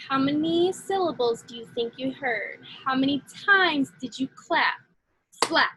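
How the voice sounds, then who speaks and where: A woman teaching a phonics lesson to young children, slow and encouraging. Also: high voice, lively intonation, background noise.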